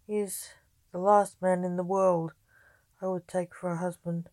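Storybook young lady, bitter and resentful, as a woman reads her; slow, dry delivery. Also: on the low side, little pitch movement, darkish tone, no echo, close to an everyday voice. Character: resentful young bride in a forced marriage.

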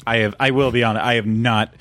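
A man's voice: medium pitch, steady tone, fairly quick, fairly bright tone, no room sound. A man hosting a podcast, chatting casually and poking fun at himself, with lots of restarts. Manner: self-deprecating, rambling with restarts. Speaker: podcast host. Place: studio.

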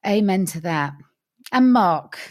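A woman's voice: mid-range voice, animated, takes it slowly, darkish tone. A woman hosting an interview podcast over a video call, speaking expressively and with emphasis. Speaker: podcast host.

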